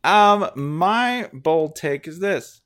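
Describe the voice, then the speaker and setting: Chatty sports podcast guy, voice swings all over, jokey and animated. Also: extremely slow, clear, resonant tone. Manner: animated, joking, voice jumps up high when excited. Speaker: podcast co-host. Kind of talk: casual sports chat.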